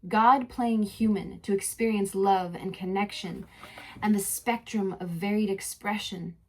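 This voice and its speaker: Young woman podcaster, soft and reflective, mid pitch, half poetic narration half casual chat. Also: steady tone, a little slow. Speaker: podcast host.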